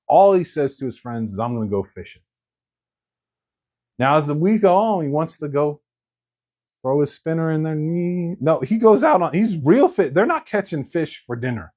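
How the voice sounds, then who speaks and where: A male pastor preaching a sermon, telling the story in an animated way and acting out the quoted lines. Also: mid-range voice.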